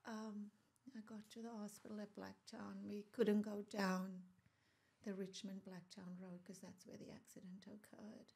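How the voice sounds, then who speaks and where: A woman's voice: mid-range voice, little pitch movement, measured pace, creaky, mellow, husky. An Australian woman, a podcast guest, telling a painful personal story and often sinking to a near whisper at the hardest moments.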